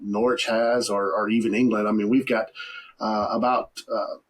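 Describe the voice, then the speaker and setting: A man's voice: fairly low pitch, level tone, normal speed. Easygoing pastor, man. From Mississippi, USA. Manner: folksy, joking, easygoing. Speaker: pastor, podcast guest. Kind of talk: casual podcast chat.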